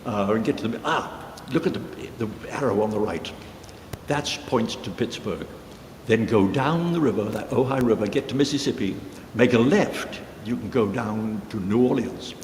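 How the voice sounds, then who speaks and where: A man musician telling a rambling story in a casual way, pausing with fillers. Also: on the low side, a little mellow, a little hiss or hum. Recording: reverberant hall with guitar music.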